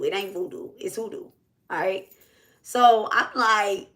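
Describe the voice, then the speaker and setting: A woman telling a story straight to her viewers in a loose, conversational monologue. Her voice is bright and forceful. She swears freely, talks emphatically and repeats lines to hammer them home. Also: mid-range voice, a little slow. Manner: profane, emphatic, repeats herself. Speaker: spiritual reader and vlogger.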